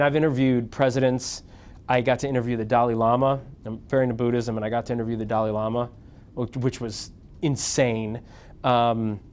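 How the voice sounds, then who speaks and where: A middle-aged man, a news anchor, telling career stories to an audience in a casual, animated way and acting out the voices he quotes. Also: mid-range voice. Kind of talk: casual storytelling talk to an audience.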